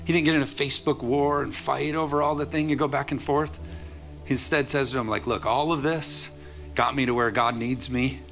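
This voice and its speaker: A man preaches to his congregation in an energetic, conversational way, tossing in playful asides. His voice is bright with a gravelly edge. Faint music sits under the live church recording. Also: mid-range voice, fairly quick. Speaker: pastor. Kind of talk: sermon.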